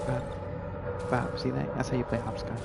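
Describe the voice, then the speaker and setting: A gravelly, medium-pitched man speaks with flat delivery at a moderate pace while streaming a game live to game music. The commentary is casual and laid-back, rambling, and stuffed with "like" and "you know."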